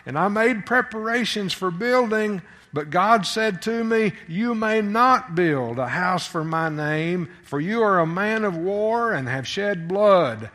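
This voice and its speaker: Man preaching bible study, slow and a bit high voiced, gets louder on the verses, lots of uhs. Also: lively intonation. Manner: reads verses aloud with rising emphasis, halting with fillers when explaining. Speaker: preacher teaching scripture. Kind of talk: sermon, Bible teaching.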